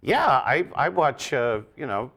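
A bright, forceful man telling stories as a podcast guest. He is an animated comedian who keeps breaking into shouted, high-pitched impressions of hecklers. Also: a little slow. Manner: animated storyteller, jumps into loud high-pitched crowd impressions. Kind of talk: casual storytelling on a podcast.

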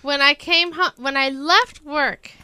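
A woman's voice: sits high, steady tone, unhurried, bright, forceful tone, dry recording, clean studio sound. A middle-aged woman co-hosting a podcast, chatting in an easygoing way. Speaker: podcast co-host. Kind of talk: casual chat.

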